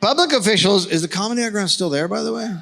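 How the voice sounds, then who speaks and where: A man hosting a comedy podcast, telling a story in an animated, jokey way with plenty of swearing. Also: sits high, very fast, gravelly.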